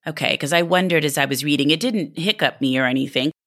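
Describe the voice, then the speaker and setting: A woman's voice: low-pitched, fast talker, fairly bright tone. A woman hosting an interview, asking curious, friendly questions. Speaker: interview host. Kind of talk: casual interview chat.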